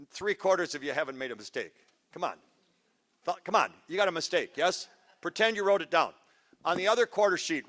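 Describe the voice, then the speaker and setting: High-voiced man working a crowd. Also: a bit bright. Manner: punchy, teasing, quizzes the crowd. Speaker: speaker at parent workshop. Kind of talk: energetic audience talk. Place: auditorium, live audience. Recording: live hall with long reverb.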